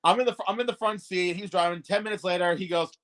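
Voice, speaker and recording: A man's voice: high-pitched, quick pace, fairly bright tone. A man telling rambling, profane stories on a podcast, with lots of restarts. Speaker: podcast guest co-host. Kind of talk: casual storytelling chat.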